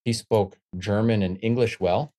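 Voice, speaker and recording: Middle-aged guy with a lowish voice, professor telling stories in an interview, wry and thoughtful. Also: fairly even intonation, measured pace, warm tone. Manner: reflective, wry storyteller. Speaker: professor and author, guest. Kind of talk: storytelling interview answer.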